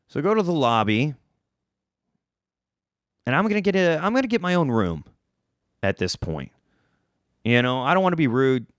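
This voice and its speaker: Animated young man telling a rambling story. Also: fairly high pitch, moderate pace, long pauses, dry recording, clean studio sound. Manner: rambling and animated, swears freely, restarts often. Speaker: podcast host. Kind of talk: casual comedic storytelling.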